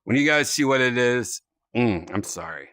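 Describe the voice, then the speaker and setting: A man's voice: medium pitch, lively intonation, normal speed, fairly bright tone, no room sound, studio quality. A man hosting a casual podcast, rambling and swearing freely as he laughs along. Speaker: podcast host. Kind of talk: casual banter.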